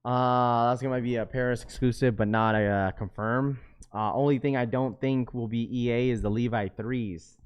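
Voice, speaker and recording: Reading comments from viewers aloud, a young livestream host jokes back in slang, his voice rising loud and high when he gets excited. His tone is otherwise steady and smooth at a normal speed, and the audio sounds dull.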